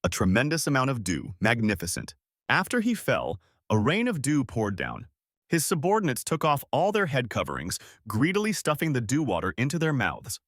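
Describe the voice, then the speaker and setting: A man narrating a comic recap story in scripted, animated storytelling. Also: mid-range voice, normal speed, dry recording, studio quality.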